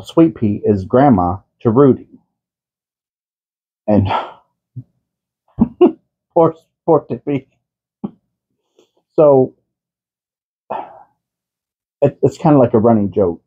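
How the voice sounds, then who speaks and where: A man's voice: on the low side, husky. A man talking to his pet cats in doting baby talk, chatting to viewers at home. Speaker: crafting channel host. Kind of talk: casual chat to pets and viewers. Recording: tinny phone-like audio.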